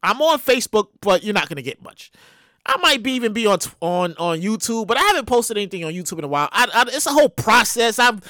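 A woman hosting her own show, giving animated, profane comedic commentary on news stories and repeating her words as she riffs. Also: mid-range voice, fast talker, no echo, studio quality. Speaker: podcast host.

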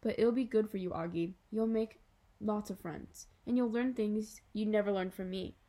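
A woman voicing a patient middle-aged mother who speaks softly and reassuringly. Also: mid-range voice, moderate pace, close to an everyday voice. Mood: coaxing. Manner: soft, reassuring, coaxing.

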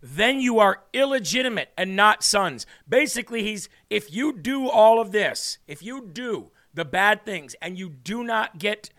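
A Midwestern man with a high voice leads a Bible teaching. He reads a verse, then unpacks it in an earnest, chatty manner, with a bright, forceful tone. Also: animated, unhurried, few pauses. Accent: Midwestern American. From Illinois. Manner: earnest, conversational, reads scripture then explains it. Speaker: host of a faith show. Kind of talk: Bible teaching with casual commentary.

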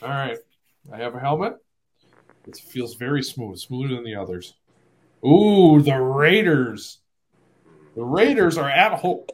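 A man hosting a casual sports podcast, animated and quick to laugh at himself. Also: medium pitch. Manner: animated, laughing, self-deprecating. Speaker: podcast host.

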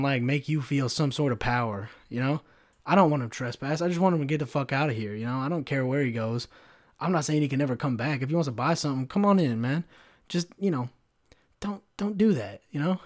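A man hosting a casual solo podcast, telling a story in an animated way, with lots of swearing and fillers. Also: mid-range voice. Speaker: podcast host.

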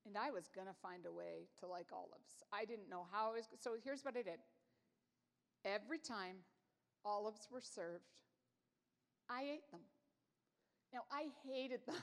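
A woman's voice: mid-range voice, animated, measured pace, vocal fry, pauses often. A woman in her forties giving a conversational sermon as a Bible teacher, telling stories in a chatty, self-deprecating way. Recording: long hall reverb.

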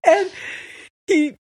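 A woman's voice: very high-pitched, no echo. A woman from Southern California, a podcast guest, telling personal stories with frequent laughter. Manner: lively, laughs often while telling stories. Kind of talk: storytelling in conversation.

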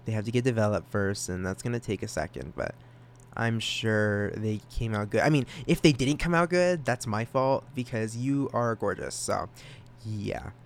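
A young man hosting a solo podcast, talking casually, excited and self-conscious, stammering through restarts and rambling. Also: on the low side, normal speed, slight background noise. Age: young adult. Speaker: podcast host.

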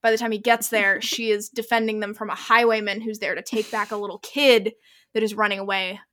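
Bright, animated woman podcast co-host. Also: mid-range voice, a little fast. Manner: animated storyteller, heavy use of "like", acts out quotes. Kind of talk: casual chat recapping a book.

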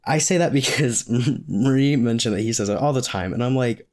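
A man's voice: medium pitch, lively intonation, normal speed, a little mellow. A young man talking in a casual question-and-answer vlog, rambling and joking with frequent laughs. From Maine, US. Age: young adult. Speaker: vlogger.

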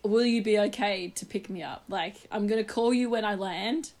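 A woman's voice: medium pitch, moderate pace. A young woman co-hosting a casual podcast, telling a story with frequent laughter. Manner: animated storyteller, laughs often. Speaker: podcast co-host.

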